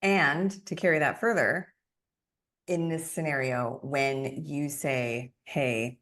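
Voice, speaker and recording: A woman podcast host and love coach, explaining ideas calmly in a casual chat. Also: low voice, slow pace.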